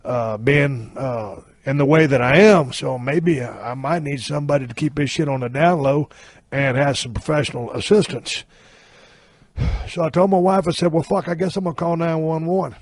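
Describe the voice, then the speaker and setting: A man's voice: on the high side, no room sound. Profane, blunt storytelling man. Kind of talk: casual anecdote telling.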